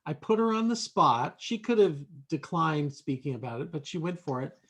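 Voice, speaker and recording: A man's voice: a little high, expressive, normal speed, fairly bright tone. A man hosting a roundtable who praises his guest and explains the storytelling technique she used. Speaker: host. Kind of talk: host commentary.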